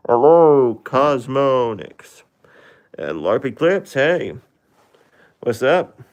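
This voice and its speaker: Slow, lively-voiced male streamer. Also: medium pitch. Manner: rambling, self-deprecating, hesitant. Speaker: livestreamer. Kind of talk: casual live stream chat. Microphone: phone.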